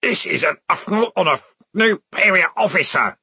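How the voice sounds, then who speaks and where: A man's voice: mid-range voice, lively intonation, slow, sharp tone, breathy edge, no room sound, heavily acted. A man doing a shrieking, enraged corporal. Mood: furious. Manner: screaming, enraged. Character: furious petty male army corporal, shrill bully.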